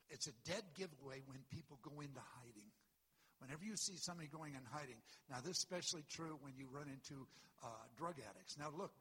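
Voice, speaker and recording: Husky, bright-voiced man preaching. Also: fairly high pitch. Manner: dramatic storytelling, swings from hushed to loud. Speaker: pastor. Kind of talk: sermon. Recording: long hall reverb.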